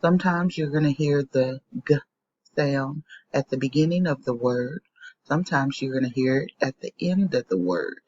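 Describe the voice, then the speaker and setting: A woman teacher giving a slow, patient phonics lesson to young children, saying each word twice. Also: a bass voice, lively intonation, a little mellow, breathy edge, dry recording, muffled recording.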